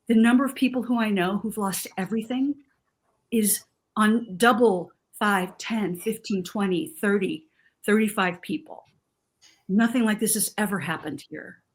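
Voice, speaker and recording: A woman's voice: mid-range voice, normal speed, husky. Emotional middle-aged woman on a TV panel. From Southern California. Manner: emotional, animated storytelling that acts out quoted voices. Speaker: panelist on a TV talk show. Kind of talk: personal account on a TV panel. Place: TV studio.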